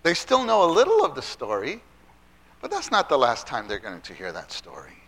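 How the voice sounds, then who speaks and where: A man giving an animated Bible teaching talk to church children's workers, stressing and repeating key phrases. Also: medium pitch, moderate pace.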